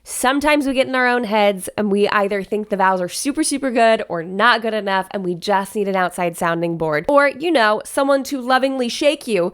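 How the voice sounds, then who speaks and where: A woman's voice: medium pitch, brisk, hardly any pauses, clean tone. A woman wedding planner giving advice in a casual vlog, chatty and direct, often checking in with "okay?".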